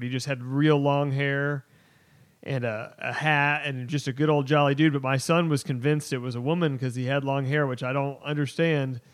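Animated storytelling man on a podcast. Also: medium pitch. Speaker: podcast co-host. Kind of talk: casual chat, storytelling.

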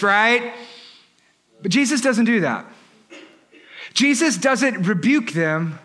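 A male pastor preaching with humor, telling the story in a lively way and breaking off for asides to the congregation. His voice is high and bright, with a sharp, clear edge. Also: normal speed, long pauses. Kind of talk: sermon.

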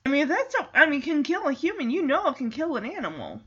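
Bright, animated woman recapping a film. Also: high voice, fast talker, lo-fi sound. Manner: excitable, animated storytelling. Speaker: movie recap host. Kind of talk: casual movie recap.

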